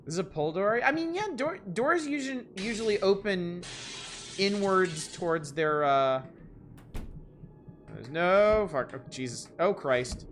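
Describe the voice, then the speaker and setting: A man's voice: high voice, expressive, measured pace, a bit bright, slight background noise. A man commentating a game on a live stream, wry and joking, swearing when startled. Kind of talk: live let's-play commentary.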